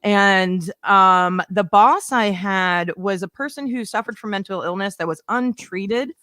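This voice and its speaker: A woman's voice: medium pitch, a little slow, dry recording, clean studio sound. A young woman doing a stand-up set, telling a rambling story and acting out the people she quotes. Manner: rambling, animated, acts out quoted voices. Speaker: stand-up comedian.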